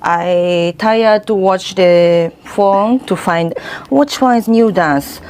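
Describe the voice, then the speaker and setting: A woman answering interview questions in halting, non-native English. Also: mid-range voice, a little mellow.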